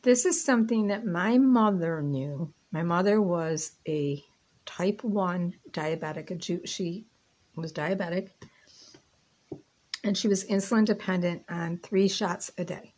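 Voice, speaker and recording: A woman's voice: lowish voice, a little slow, a little mellow. A woman in her fifties chatting casually while she cooks in her home kitchen, rambling between stirring and tasting. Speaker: cooking and lifestyle vlogger. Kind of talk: casual chat while cooking.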